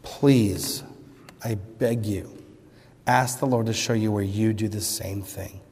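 A man preaching a sermon, pressing rhetorical questions and then dropping to hushed pleas. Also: fairly low pitch, steady tone, slow, husky. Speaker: pastor. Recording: long reverb of a large hall.

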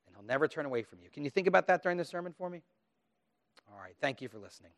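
A man's voice: on the high side, very fast. A pastor giving a children's message and then a sermon, asking his listeners questions and acting out the taunts of children. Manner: asks listeners questions, animated quoted taunts.

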